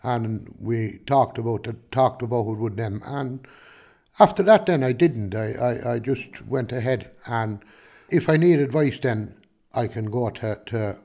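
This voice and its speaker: A man's voice: medium pitch, a little slow, mellow. A man with a Kilkenny Irish accent, a farmer answering interview questions in a rambling, chatty way, full of restarts and "do you know what I mean". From Ireland.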